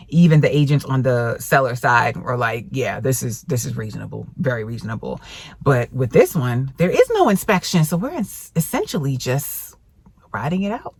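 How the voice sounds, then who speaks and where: A woman real estate agent, chatting casually to camera and quoting people in lively voices. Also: low-pitched, dry recording. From Georgia, USA. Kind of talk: casual vlog talk to camera.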